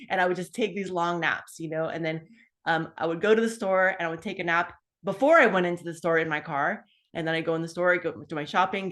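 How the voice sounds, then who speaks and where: A woman in her fifties with a slightly low voice tells her own story in a loose, conversational way. She talks with lots of asides and fillers and brings her memories to life as she goes. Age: 50s. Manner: animated, acts out her own past dialogue; chatty, with many fillers and asides. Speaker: guest sharing a health story. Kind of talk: casual personal storytelling.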